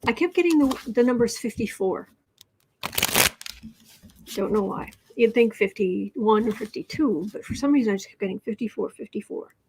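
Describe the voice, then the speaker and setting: At normal speed and with animated delivery, a woman with a fairly high voice hosts a tarot livestream over slight background noise. She's soft-spoken, chatting casually, reading viewer comments, and cooing to her pet cat between readings.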